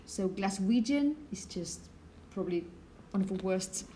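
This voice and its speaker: A woman giving a classroom lecture, explaining slowly and often checking in with the students. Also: medium pitch, lively intonation, warm tone, a little hiss or hum.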